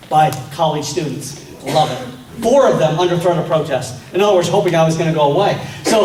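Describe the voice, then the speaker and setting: A man's voice: on the high side, darkish tone, a little hiss or hum. A man giving a fiery political speech at a meeting, rousing the crowd with rhetorical questions. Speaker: political speaker. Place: meeting hall. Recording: echoey hall from far off.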